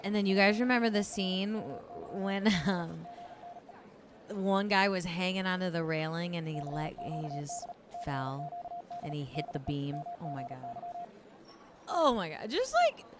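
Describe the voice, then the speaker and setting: A woman's voice: on the low side, very animated, a little slow, noisy background. A young woman casually chatting and reacting to a video, rambling and swearing, reading viewer comments aloud. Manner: chatty, profane, rambling, reads chat aloud. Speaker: streamer. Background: music.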